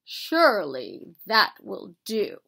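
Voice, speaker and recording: A woman's voice: mid-range voice, wildly swooping pitch, slow, gravelly, bright, forceful tone, breathy edge, pitched below the performer's own voice, full character voice. A woman voicing a formal, stuffy male bear in a storybook, with a stately way of speaking.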